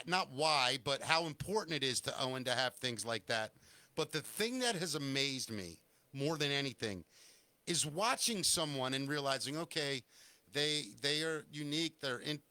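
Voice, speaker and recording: A man's voice: medium pitch, pushed and bright, dry recording. A man hosting a live talk show, speaking earnestly and rambling, often correcting himself mid-sentence.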